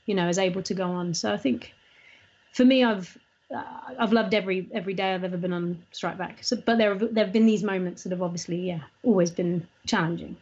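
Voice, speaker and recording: A woman's voice: mid-range voice, a little hiss or hum. Woman retelling a set story, muffled. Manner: recounts dialogue in an animated way. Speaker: interviewee.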